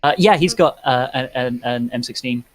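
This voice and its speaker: A man narrating a tabletop game as game master, in a halting, descriptive way. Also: medium pitch, low-quality recording.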